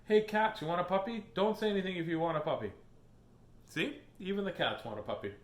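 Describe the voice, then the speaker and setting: A man's voice: high-pitched, quick pace. A man hosting a live children's book reading stream, chatting in a silly, playful, joking way. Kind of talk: casual live-stream chat. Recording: echoey room.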